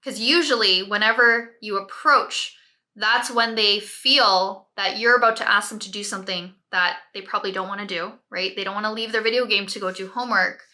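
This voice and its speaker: Bright-voiced woman parent coach. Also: medium pitch, fairly even intonation, moderate pace. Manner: coaching, direct, often adds "right?" checks. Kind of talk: advice talk to camera.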